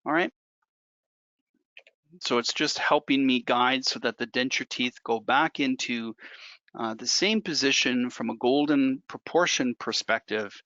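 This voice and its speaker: Bright-voiced man teaching a hands-on demo. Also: mid-range voice, a little slow, dry recording. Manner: conversational, repeats points for emphasis. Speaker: dental technician instructor. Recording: dull dry lo-fi recording.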